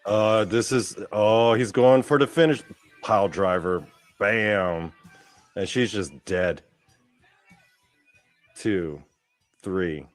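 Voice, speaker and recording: A man hosting a show, giving casual, profane, excitable commentary as he watches a clip. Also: on the low side, measured pace, faint music behind. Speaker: podcast host.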